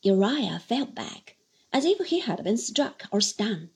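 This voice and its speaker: A woman reading a classic novel aloud as an audiobook, with an expressive, varied delivery. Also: mid-range voice, takes it slowly, creaky, breathy edge. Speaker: audiobook reader. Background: soft background music.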